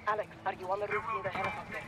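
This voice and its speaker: An actress playing a female soldier in a video game, giving brisk, commanding tactical callouts. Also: medium pitch, little pitch movement, pushed and bright, slight background noise, close to an everyday voice.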